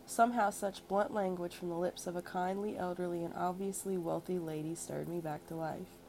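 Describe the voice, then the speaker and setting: A woman reading a first-person memoir aloud in a steady, measured storytelling manner. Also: on the low side, a little hiss or hum, rough recording. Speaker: narrator. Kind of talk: audiobook memoir narration.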